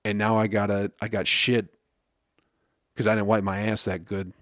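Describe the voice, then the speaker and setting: A man's voice: lowish voice, flat delivery, moderate pace, fairly bright tone, no echo, clean studio sound. A man hosting his own podcast, telling a comedic story in a profane, rambling way and laughing at his own jokes. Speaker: podcast host. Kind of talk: casual comedic monologue.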